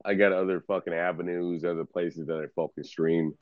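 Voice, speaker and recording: A man's voice: deep voice, flat delivery, a little fast, no echo, dull audio. A man streaming in a casual video chat, laid-back and teasing, swearing freely. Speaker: streamer and tarot card reader.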